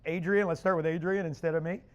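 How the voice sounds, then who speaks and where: A man presenting a live business seminar to an audience, loud, punchy and casual with slang. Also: a little high, steady tone, quick pace, clean tone, dull audio. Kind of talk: energetic live seminar talk. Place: conference room with an audience.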